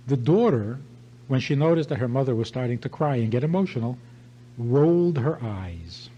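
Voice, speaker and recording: A man's voice: medium pitch, expressive, brisk, breathy edge, lo-fi sound. An older man, a rabbi, giving an emphatic sermon-style talk and telling a story with repeated phrases.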